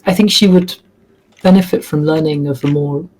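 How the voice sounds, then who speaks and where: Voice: medium pitch, moderate pace, a little mellow, slight background noise, low-quality recording. A player speaking in character with a formal, haughty manner. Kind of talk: in-character role-play.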